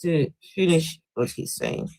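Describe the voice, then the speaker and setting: A woman's voice: deep voice, sing-song, measured pace, vocal fry, darkish tone, poor audio. A woman with a Nigerian accent hosting a live call-in debate, pressing her question again and again. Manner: insistent, repeats her question.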